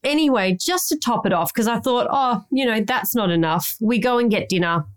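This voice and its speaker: A woman's voice: fairly high pitch, expressive, a little fast. An Australian woman podcast host, rambling through a long story in casual chat and swearing now and then.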